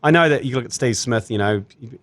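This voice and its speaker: Here the New Zealand sports podcast host speaks at medium pitch and a quick pace. The chat is casual, his storytelling is lively and full of jokes, and he laughs often.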